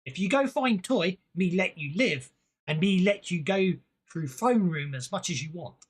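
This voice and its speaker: A game master voicing a bossy male goblin king who talks in loud, broken pidgin speech. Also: mid-range voice, expressive, normal speed, husky, pitched above the performer's own voice. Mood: demanding.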